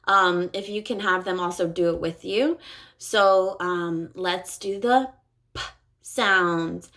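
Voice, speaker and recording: A woman speech-language pathologist coaching parents on home practice, modeling words slowly with exaggerated articulation and cheerful praise. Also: lowish voice, a bit bright.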